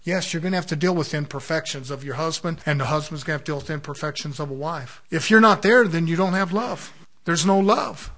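A man's voice: a little high, fairly bright tone. A man preaching a fervent sermon at a church service, emphatic and full of rhetorical questions.

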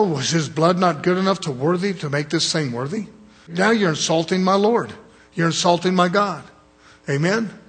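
Husky high-voiced guy preaching hard, keeps repeating lines to drive it home. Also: fairly bright tone. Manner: emphatic, repeats phrases for stress. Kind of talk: sermon.

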